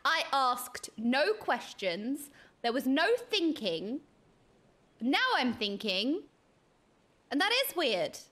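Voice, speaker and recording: A young adult woman streaming a game, excitably commenting and reading quest text aloud. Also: sits high, takes it slowly, pauses often. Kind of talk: live gameplay commentary.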